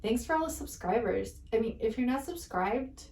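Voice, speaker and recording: A woman's voice: a little high, animated, moderate pace, darkish tone. A tired woman reading channeled messages, chatting to her viewers in a rambling, giggly, self-mocking way. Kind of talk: casual rambling chat to viewers. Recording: roomy echo, distant from mic.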